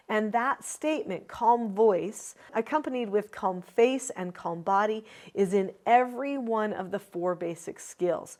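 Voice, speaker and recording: A woman parenting coach giving calm, instructive advice straight to parents in a video lesson. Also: medium pitch.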